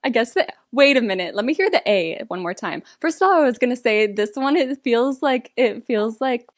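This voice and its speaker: A young woman hosting a casual album reaction, thinking aloud in an excitable, rambling way with lots of fillers. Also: a little high, normal speed, soft background music. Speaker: music reaction host.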